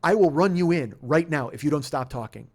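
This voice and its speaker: A stern, short-tempered police officer barks orders and threatens jail, as a comic puts him on in his own voice. The voice stays high and close to the storyteller's own, with clipped, threatening commands. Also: animated, a little fast, a little mellow.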